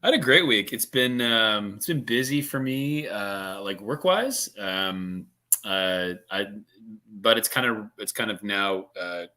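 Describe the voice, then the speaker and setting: A man co-hosting a livestream, chiming in with quick quips and talking with stumbling restarts. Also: lowish voice, animated, pushed and bright. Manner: quippy, interjecting, stumbling restarts. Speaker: podcast co-host. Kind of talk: casual livestream chat.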